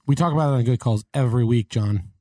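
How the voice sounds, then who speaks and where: A man's voice: mid-range voice, fast talker, mellow, no echo. A man co-hosting a podcast in casual, playful chat. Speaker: podcast co-host.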